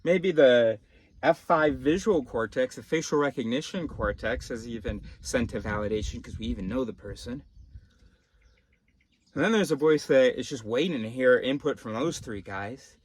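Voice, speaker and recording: A man's voice: medium pitch, normal speed, husky. A man vlogging in a casual monologue, rambling off on tangents and cutting himself off mid-phrase. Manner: rambling, self-interrupting, tangential.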